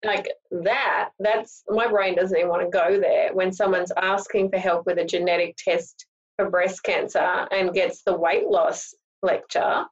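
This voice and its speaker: A woman's voice: lowish voice, fairly even intonation, measured pace. An Australian woman co-hosting a podcast, talking bluntly and emphatically with plenty of swearing. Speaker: podcast co-host. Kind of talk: casual podcast chat. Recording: dull lo-fi mic.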